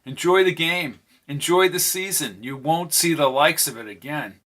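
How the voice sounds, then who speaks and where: The character is a young woman from the future, mysterious and guarded, with a perky, proper, nearly British accent, voiced by a man reading an audiobook. He speaks at normal speed in a slightly high, somewhat bright voice.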